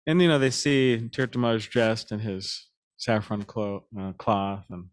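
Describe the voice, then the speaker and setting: A man giving a devotional class, speaking in a halting way with many fillers and restarts, chuckling now and then as he tells stories. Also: fairly low pitch, steady tone. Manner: chuckles while telling stories.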